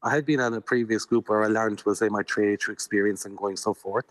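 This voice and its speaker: An Irish man with a fairly low voice talks earnestly and at length as a radio guest, leaning on little fillers as he explains. The studio sound is close and dry, with no room echo. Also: fairly even intonation, fairly quick. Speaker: guest paranormal investigator. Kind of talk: radio interview, storytelling.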